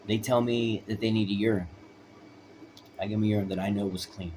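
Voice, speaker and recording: Deep-voiced man telling a hard story. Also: fairly even intonation, fairly quick, a little mellow, a little hiss or hum. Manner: rambling, emphatic, keeps asking "right?". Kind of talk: personal storytelling.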